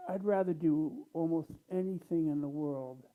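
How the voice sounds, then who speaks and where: Man, tired, plainspoken, pausing often; thin phone-like sound. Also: a little high. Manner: unhurried, plainspoken, with many pauses and ums. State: tired, low energy. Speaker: church speaker. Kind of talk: casual talk to a congregation.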